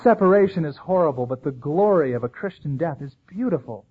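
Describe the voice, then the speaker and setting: Male pastor, sermon delivery, slightly high husky voice, narrow tinny sound. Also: fairly quick. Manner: animated preaching, acting out quoted voices.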